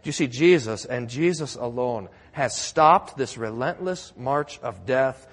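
A man's voice: on the high side, in a large hall. A man preaching a sermon in a church, telling the story with drama and building to emphatic declarations. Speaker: pastor.

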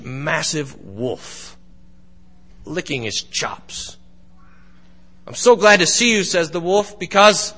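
A man pastor giving a sermon, speaking slowly and deliberately with pauses, in a church. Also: mid-range voice, fairly bright tone, in a large hall. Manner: slow, deliberate, with pauses and dramatic storytelling.

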